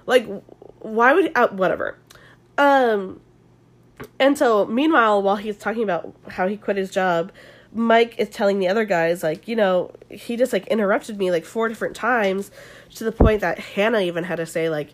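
A woman's voice: mid-range voice, moderate pace. A young woman hosting an ASMR-style recap, talking chattily with lots of fillers and casual swearing. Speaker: podcast host recapping a reality show.

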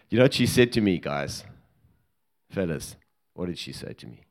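Low-voiced man, ex-bodyguard raconteur, humorous live storytelling. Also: a little slow, long pauses. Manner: lively and humorous, laughing at his own story. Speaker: former presidential bodyguard telling a story. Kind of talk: anecdotal storytelling to a live audience.

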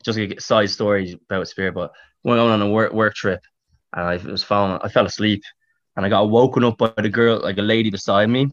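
A young Irish man, a podcast guest, telling stories in a rambling, animated way and swearing freely. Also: lowish voice, fairly quick, dry recording, muffled recording. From Ireland. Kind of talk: casual storytelling chat.

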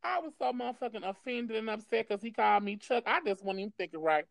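A woman's voice: fairly high pitch, fast, creaky, no room sound. A woman casually telling a wild personal story, cursing freely and laughing as she talks. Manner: profane, animated, laughs often.

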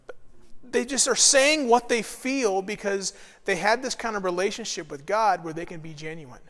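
A man with a fairly high voice gives an informal Bible lesson. His telling is lively and animated, full of restarts as he warms to each story. The sound rings with the long reverb of a large room. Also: normal speed. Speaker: Bible study teacher.

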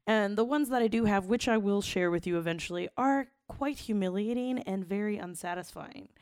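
A young woman co-hosting a podcast, telling a raunchy story in blunt, profane, animated casual talk. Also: medium pitch, fairly quick, no room sound, studio quality. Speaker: podcast co-host.

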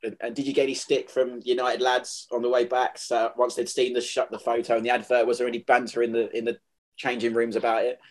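A man's voice: medium pitch, little pitch movement, quick pace. A man hosting an interview, asking long, friendly, rambling questions. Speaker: interviewer, host. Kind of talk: conversational interview.

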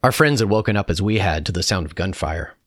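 A man reading a personal reflection aloud in a calm, measured way. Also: low-pitched, dry recording, clean studio sound. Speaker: narrator.

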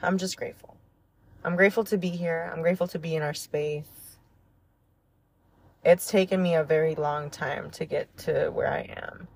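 A woman hosting a solo podcast, talking earnestly and heartfelt in a rambling way, full of "like" and soft laughs. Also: low-pitched, steady tone, normal speed, vocal fry, husky. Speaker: podcast host. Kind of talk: reflective solo podcast monologue.

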